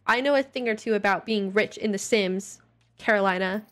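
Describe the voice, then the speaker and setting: A woman's voice: medium pitch, moderate pace, a bit bright, soft background music. A young woman live-streaming at home, joking and self-deprecating as she plays and reads her chat aloud. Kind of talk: casual live-stream chat while playing.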